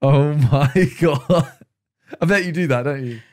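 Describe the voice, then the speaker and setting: A man's voice: fairly high pitch, a little slow, noisy background. A young man hosting a podcast, teasing his co-hosts in playful casual chat and reading out topics one by one. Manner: teasing, playful, reads list items aloud. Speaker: podcast host.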